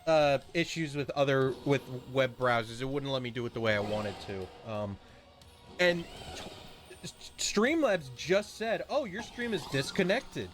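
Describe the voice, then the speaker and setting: A man's voice: mid-range voice, expressive, a little slow, faint music behind. Man ranting casually on a game stream. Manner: rambling ranting with swearing. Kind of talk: casual chat while streaming.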